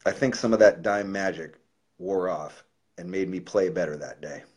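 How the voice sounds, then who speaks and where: Brief: man, very low voice, cursing musician on a casual livestream, reading a heartfelt letter. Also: moderate pace, a little mellow, breathy edge. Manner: profane, loose and heartfelt.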